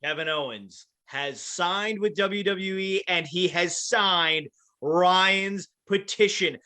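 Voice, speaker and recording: A man hosting a casual podcast with a fairly high, bright voice. He rolls out playful showman flourishes like a wrestling announcer. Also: slow pace. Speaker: podcast host.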